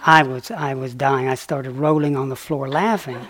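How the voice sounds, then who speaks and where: A man giving a dharma talk, telling a story in a soft-spoken way that often drops quiet and breaks into chuckles. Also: mid-range voice, fairly even intonation, moderate pace. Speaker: meditation teacher.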